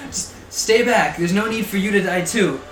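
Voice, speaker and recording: A man's voice: high-pitched, normal speed, fairly bright tone, echoey room, a little hiss or hum, pitched above the performer's own voice. A man doing a nervous cornered archer. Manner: stammering, pleading.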